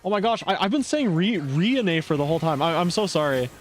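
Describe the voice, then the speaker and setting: A male streamer chatting casually while playing a game, rambling and lively. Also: high-pitched, quick pace, faint music behind. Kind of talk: casual gameplay chat.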